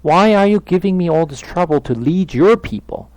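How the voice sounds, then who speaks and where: A man's voice: fairly high pitch, expressive, moderate pace, vocal fry, dark tone, dry recording, pitched above the performer's own voice, rough recording. A man voicing an exasperated male prophet who complains to God with indignant, pleading questions.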